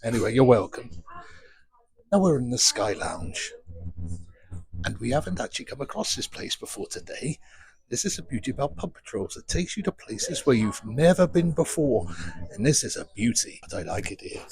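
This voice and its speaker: Holding a small handheld microphone in a cruise ship bar, a Welsh pub-reviewing vlogger chats to camera with self-deprecating stories. His voice is mid-range, gravelly, and husky with a darkish tone, sing-song and at normal speed.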